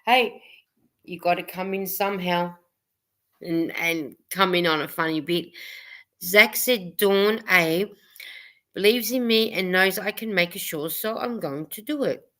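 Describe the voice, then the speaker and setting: A woman co-hosts a casual live chat, reading viewer comments aloud with easy laughter. Her voice is bright and forward. She talks in a warm, rambling, encouraging way. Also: lowish voice, a little slow. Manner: chatty, reads comments aloud, laughs often. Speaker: livestream co-host reading chat.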